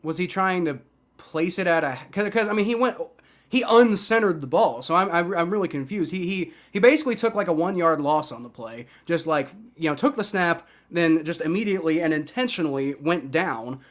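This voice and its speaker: A man's voice: fairly high pitch, expressive, a little fast. A man giving live play-by-play as a fan, thinking aloud in an unsure way and repeating himself. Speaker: fan commentator.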